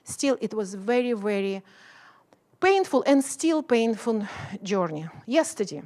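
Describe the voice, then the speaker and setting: A woman's voice: fairly high pitch, sing-song, a little slow, dark tone. Passionate woman speaking with an accent. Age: middle-aged. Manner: passionate, with non-native English phrasing. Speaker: professor giving a keynote. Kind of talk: keynote speech.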